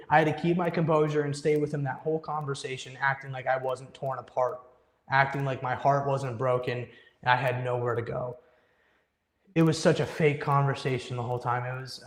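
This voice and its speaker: A young man earnestly telling a personal story as a guest in an interview, often quoting his own past thoughts with emphasis. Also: mid-range voice. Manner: earnest, emphatic storytelling with quoted inner speech. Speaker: guest musician. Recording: echoey room with long reverb.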